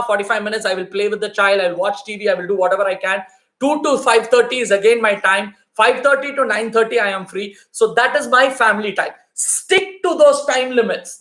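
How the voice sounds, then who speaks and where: In an echoey room, a parenting coach with a very high, sharp-toned voice fields viewer questions during a live online talk. He's emphatic and keeps circling back to his main points for his audience.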